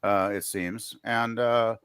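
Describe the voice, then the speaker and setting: A man's voice: on the low side, fairly even intonation, takes it slowly, a bit bright, smooth, dry recording, studio quality. A man talking casually on a livestream, rambling and hesitant, often restarting his sentences. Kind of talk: casual chat.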